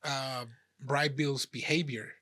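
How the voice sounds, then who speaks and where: A man co-hosting a casual podcast, talking in a halting way with many restarts. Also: medium pitch, fairly even intonation, pushed and bright. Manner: halting, many restarts, acts out scenes in quoted voices. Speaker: podcast co-host. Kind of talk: casual chat.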